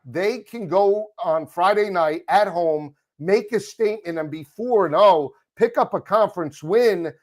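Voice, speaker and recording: A man's voice: high voice, unhurried, few pauses. A man hosting a casual sports chat, upbeat and enthusiastic. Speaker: host.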